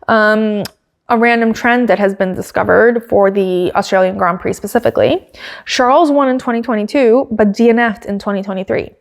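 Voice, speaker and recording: A woman hosting a podcast, recapping a race in a casual, excitable way with lots of filler words. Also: mid-range voice. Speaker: podcast host.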